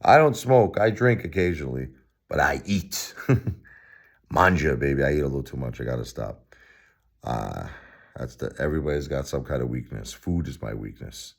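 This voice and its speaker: Deep-voiced Brooklyn man, blunt and heartfelt. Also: animated, normal speed, creaky. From Brooklyn, New York. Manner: blunt, heartfelt, talks in repeated phrases with wry laughs. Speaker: vlogger. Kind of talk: emotional late-night vlog.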